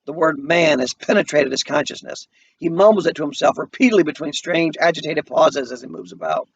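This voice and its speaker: A man's voice: fairly high pitch, a little fast, dull audio, a little hiss or hum. A man, a teacher, reading a play aloud and earnestly summarizing between the quoted lines.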